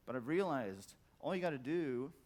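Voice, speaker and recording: A middle-aged man giving a profane conference talk, blunt and emphatic, stacking repeated words for effect. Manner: acts out quoted voices in a loud high squawk. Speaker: conference speaker. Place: conference hall.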